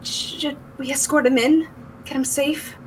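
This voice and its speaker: A woman playing a tabletop game, speaking softly and gently. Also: sits high, steady tone, a little slow, slight background noise, rough recording. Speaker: player.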